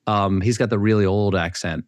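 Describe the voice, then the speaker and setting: Relaxed low-voiced man, dry close sound. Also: moderate pace, no echo. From Charleston, South Carolina. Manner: relaxed storytelling, thoughtful asides. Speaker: guest. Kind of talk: casual chat.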